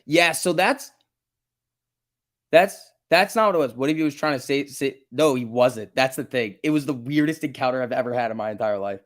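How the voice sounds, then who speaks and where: A man with a mid-range voice and a New Jersey accent speaks at normal speed while hosting a casual stock market livestream. He chats, reads the chat, tells stories and laughs frequently.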